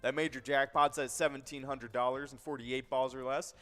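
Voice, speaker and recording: A man from Minnesota hosting a live charity bingo stream, reading out winners and jackpots in an energetic, hypey way. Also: medium pitch. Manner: energetic, hypey, quick to laugh. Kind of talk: upbeat live-stream announcing.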